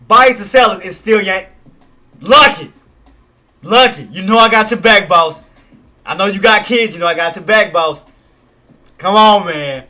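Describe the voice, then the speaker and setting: A man hosting a live trading stream, hyped and slangy, shouting and laughing between chart calls. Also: high-pitched.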